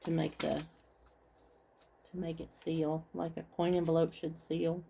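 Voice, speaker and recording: Mellow, low-voiced woman crafting on camera. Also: little pitch movement, unhurried, vocal fry, breathy edge. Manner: chatty, talks through each step to viewers. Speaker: craft vlogger. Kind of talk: casual craft tutorial chat.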